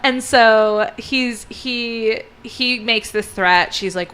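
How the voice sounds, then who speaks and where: A woman co-hosting a podcast, casually retelling a story in a lively way and acting out the lines in quotes. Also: medium pitch, unhurried, hardly any pauses, clear, resonant tone. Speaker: podcast co-host. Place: indoor podcast studio.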